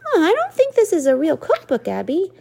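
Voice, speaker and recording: A woman reading aloud and voicing a calm, practical mother in a story. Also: very high voice, brisk, gravelly, pitched above the performer's own voice, full character voice. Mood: reassuring.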